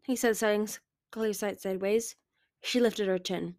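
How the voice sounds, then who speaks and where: A woman reading a fantasy novel aloud in a steady manner, with occasional restarts. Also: lowish voice, a little fast. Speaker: audiobook reader.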